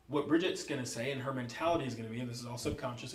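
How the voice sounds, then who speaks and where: An earnest man from the United States reflects on a parenting book in a casual co-host discussion. His voice is mid-pitched and sits in a noticeably echoey room. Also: rapid-fire. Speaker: podcast co-host.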